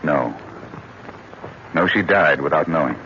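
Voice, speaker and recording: An actor playing a brooding, secretive gentleman of the house, with a low, earnest 1940s radio-acting delivery. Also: a little slow, exaggerated voice. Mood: tender. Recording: muffled, hissy old radio recording.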